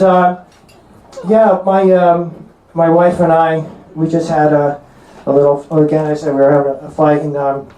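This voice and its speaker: Performing stand-up in a roomy comedy club, a male North Jersey comedian with a high, slightly mellow voice is brash and crude. Quick asides pepper his punchlines, and the audience laughs throughout.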